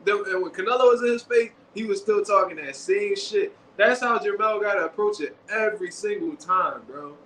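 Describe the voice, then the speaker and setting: A man riffing through casual commentary in quick slang and animated bursts. His voice sits high and bright. It rings in an echoey room with a faint hiss behind it. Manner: animated, slangy, acts out quotes. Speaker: boxing show host.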